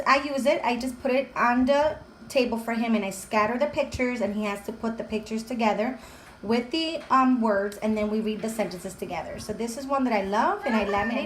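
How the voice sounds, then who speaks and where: A homeschooling mom with a high, bright voice chats eagerly through a casual show-and-tell vlog. She is recorded in an echoey room at home, with a faint hum of ambience behind her. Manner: chatty and enthusiastic. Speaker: homeschooling mom and channel host.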